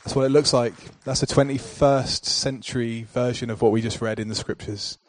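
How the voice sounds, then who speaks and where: A male pastor delivering a sermon in a rhythmic, repetitive cadence that builds to forceful declarations. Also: medium pitch, fairly even intonation, normal speed, slight background noise.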